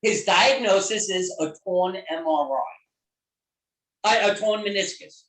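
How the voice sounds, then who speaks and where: A middle-aged man telling a story in an interview, animated and emphatic, swearing freely. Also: high voice, normal speed, far from the mic. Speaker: guest therapist. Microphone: video call. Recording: echoey room on a video call.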